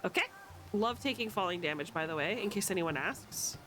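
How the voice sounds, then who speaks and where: Loud swearing woman streamer. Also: on the low side, animated, a little fast, over music. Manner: loud, playful, swears a lot, yells at the game. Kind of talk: casual gameplay commentary.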